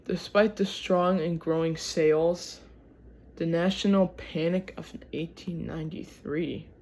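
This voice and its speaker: A host with a Michigan accent reads a history piece aloud at an unhurried, slow pace. The delivery keeps stumbling over names and numbers and drifting into chatty side remarks. It is casual and unpolished, in the manner of a home video. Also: mid-range voice, steady tone, a little mellow. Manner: stumbles over words, gets sidetracked, chatty. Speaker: channel host.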